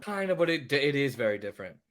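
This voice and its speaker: A man's voice: medium pitch, very animated, fast, dry recording, studio quality. A man hosting a livestream, chatting casually about politics in a loose, joking, profane way. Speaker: livestream host. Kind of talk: casual political commentary chat.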